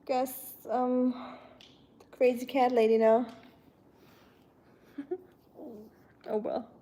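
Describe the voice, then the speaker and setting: Dark-voiced woman chatting. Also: sits high, level tone, drawn-out words. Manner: chatty, rambling, with frequent fillers. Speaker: livestream host. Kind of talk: casual chat reading viewer comments.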